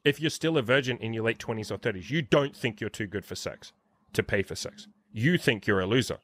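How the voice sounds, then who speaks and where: A man's voice: lowish voice, expressive, a little fast, fairly bright tone, dry recording. A man in his thirties hosting an interview as a dating coach, talking bluntly with plenty of swearing. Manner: blunt, profane, emphatic. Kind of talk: casual interview chat.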